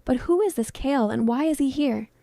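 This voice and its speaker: A woman voicing a gentle young mortal woman who speaks with concern. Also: high voice, lively intonation, normal speed, vocal fry, no room sound, studio quality.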